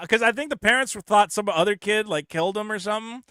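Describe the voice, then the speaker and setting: Brief: male call-in host, profane rambler, clear resonant high voice. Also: brisk, hardly any pauses, sharp tone, no room sound, clean studio sound. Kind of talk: casual call-in show banter.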